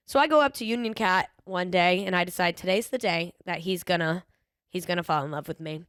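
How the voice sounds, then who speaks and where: Young woman, podcast host, chatty and sassy, smooth clear voice, dry close sound. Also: medium pitch, brisk, a bit bright, dry recording. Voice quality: slight lisp at times. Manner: chatty storyteller, frequent ums, playful sass. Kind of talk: casual solo podcast chat.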